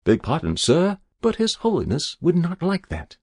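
A man voicing a deferential male river keeper who gives short, unbending replies in a gravelly voice. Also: a little high, huge pitch swings, moderate pace, a little mellow, no echo, clean studio sound, pitched above the performer's own voice, exaggerated voice. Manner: politely implacable, clipped replies.

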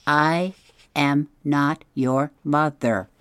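A woman's voice: sits low, fairly even intonation, drawn-out words, smooth, no room sound, clean studio sound. A woman voicing a stiff, overly formal female robot in a storybook reading, stilted and careful. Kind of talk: audiobook character voice.

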